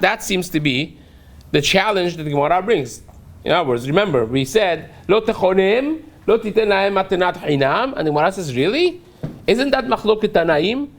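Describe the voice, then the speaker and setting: Man, rabbi, daily Talmud class, high voice, lively rise and fall, reads then paraphrases, step-by-step explaining. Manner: explains step by step, checks in with rhetorical "right?".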